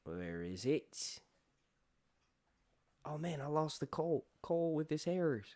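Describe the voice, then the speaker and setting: A man's voice: on the high side, sing-song, takes it slowly, dark tone. A man hosting a casual live stream chat, rambling loosely, swearing freely and often breaking into laughter. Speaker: YouTube host.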